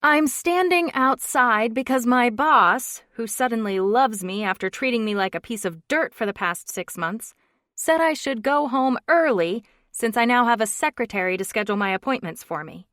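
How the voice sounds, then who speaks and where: An excitable pregnant young woman, her voice pitched well above the reader's own and pushed loud and emphatic in exasperated bursts, as a woman narrator puts her on. The audiobook recording is close and dry, with no room sound. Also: dry recording. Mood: indignant. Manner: exasperated, rapid outbursts. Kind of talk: audiobook character reading.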